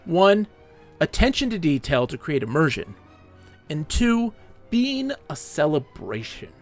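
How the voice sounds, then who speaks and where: A man live-streaming a game, chatting casually with viewers and telling animated stories. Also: on the high side, measured pace, faint music behind. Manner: animated storytelling, acts out quoted players. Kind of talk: casual live-stream chat while gaming.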